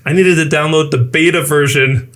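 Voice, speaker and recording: A man's voice: fairly high pitch, steady tone, moderate pace, noisy background. A man co-hosting a casual podcast chat, animatedly retelling his own reactions. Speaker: co-host, new media professor.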